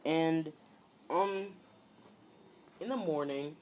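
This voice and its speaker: A man's voice: fairly high pitch, drawn-out words, a little mellow. Man, casual fan-story teller, rambling delivery, faint noise behind. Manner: rambling, lots of "he's like" and fillers.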